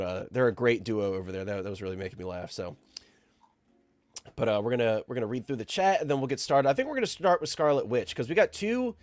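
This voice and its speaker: A man hosting a live stream while sick, sounding nasal and stuffed up, upbeat and shouting out chat viewers. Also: medium pitch, dry recording. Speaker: host.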